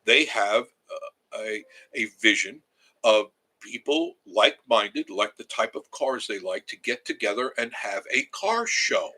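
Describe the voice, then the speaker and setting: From his cabin, a livestream host in his seventies talks casually, wandering through viewer comments as he reads them out. The rough recording captures a husky, sharp voice on the low side.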